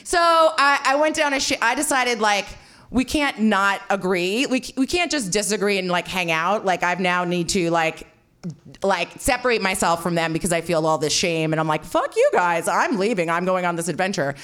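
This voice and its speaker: Animated, self-mocking woman storyteller. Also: medium pitch, moderate pace, smooth. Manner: animated, swearing, heavy filler "like"; self-mocking, frequent laughter. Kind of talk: live personal storytelling.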